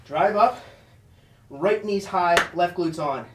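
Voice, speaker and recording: A man's voice: high-pitched, takes it slowly, roomy sound, recorded from a distance, noisy background. A man coaching a follow-along workout with short, encouraging cues, out of breath as he exercises along. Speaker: fitness instructor.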